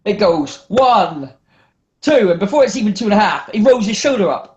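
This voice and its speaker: A man's voice: high-pitched, animated, normal speed. A man in casual podcast chat, telling stories animatedly, swearing freely. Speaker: wrestler guest.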